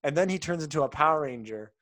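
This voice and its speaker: A man co-hosting a casual podcast, chatting about old TV spots. He laughs often and slips into silly voices whenever he quotes someone, and his voice sits a little higher than most men's. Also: lively intonation, fast talker, a bit bright. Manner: laughs often while retelling scenes; acts out quoted lines in goofy voices. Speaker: podcast co-host. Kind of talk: casual chat reviewing old TV ads.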